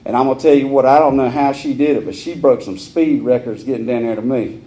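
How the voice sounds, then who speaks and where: A man's voice: mid-range voice, fast talker, dark tone. A man telling his personal recovery story at a meeting, in a candid, earthy way. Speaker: AA speaker. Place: meeting hall.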